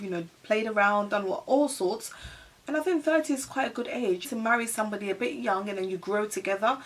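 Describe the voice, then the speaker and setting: Chatty woman vlogger, husky and distant. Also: mid-range voice. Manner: chatty, laughs often, addresses viewers as guys. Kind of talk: casual Q&A tag video.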